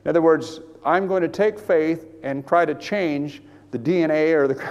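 A man preaching a sermon to a room of listeners, animated, swinging from hushed asides to loud emphatic bursts. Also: fairly high pitch, normal speed, smooth, dull audio. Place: large hall with an audience. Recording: long hall reverb.

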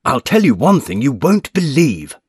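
A man's voice: medium pitch, sing-song, a little slow, slightly rough, no echo, clean studio sound, voice pushed up. A man reading aloud voices a frightened middle-aged businessman who talks in raised, breathless urgency. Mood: frightened, urgent.

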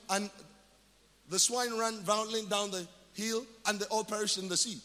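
A male pastor with a Nigerian accent preaching a sermon. He asks questions and answers them himself, then builds to shouted declarations. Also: high voice, steady tone, normal speed, in a large hall. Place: church.

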